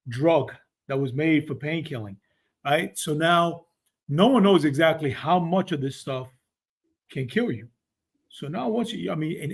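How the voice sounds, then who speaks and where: A man's voice: on the high side, slightly rough. A man, a retired undercover officer, answering podcast questions in a conversational way, often saying "I mean". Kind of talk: interview answers.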